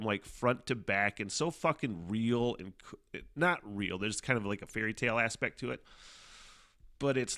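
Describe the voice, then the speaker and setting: Alone on his own podcast, a middle-aged man talks loosely and profanely, full of fillers and laughter. The voice is fairly low and fairly bright, captured dry at studio quality.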